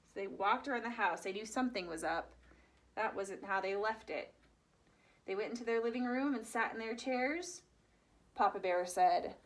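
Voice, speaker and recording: A woman telling a fairy tale to children, animated and asking her young listeners questions. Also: medium pitch, normal speed. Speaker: children's storyteller. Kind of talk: reading a story aloud to children.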